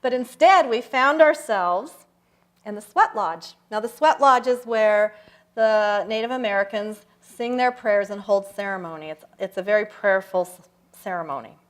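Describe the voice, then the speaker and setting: An older woman giving a personal talk at a church service, telling stories reflectively with slow, emphatic pauses. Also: mid-range voice. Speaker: guest speaker. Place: church sanctuary.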